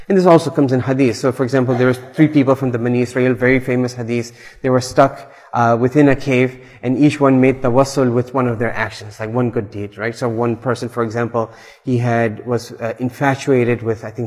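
A man's voice: medium pitch, darkish tone. A man gives a conversational religious lecture, mixing Arabic terms into his English and checking in with "right?". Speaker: Islamic speaker. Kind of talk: religious lecture explaining a supplication. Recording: hall reverb.

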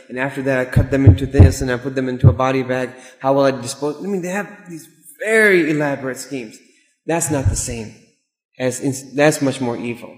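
A man's voice: on the high side, darkish tone. Man preaching in an echoey hall. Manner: conversational, acts out quoted voices. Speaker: imam giving a talk. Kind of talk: sermon with anecdotes.

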